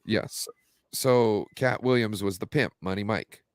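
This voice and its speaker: A man's voice: on the low side, unhurried, clear, resonant tone, no echo, studio quality. A man co-hosting a casual sports talk show, telling rambling stories with lots of fillers. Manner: rambling, animated storyteller with many fillers. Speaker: podcast co-host.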